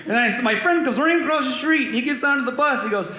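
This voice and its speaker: A young man telling a stand-up story on a comedy club stage, animated and acting out voices and sound effects. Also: very high voice, very fast. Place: comedy club stage before a live audience. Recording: roomy club with loud audience laughter.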